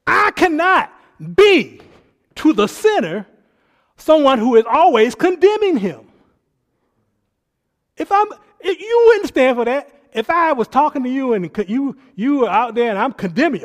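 High-pitched preacher. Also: male voice, sing-song, normal speed. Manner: swings between hushed asides and loud preaching; mimics people in quoted voices. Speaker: pastor. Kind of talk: sermon.

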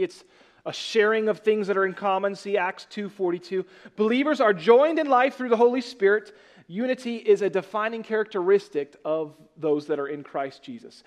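High-voiced man preaching a sermon. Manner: joking asides, conversational preaching. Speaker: pastor.

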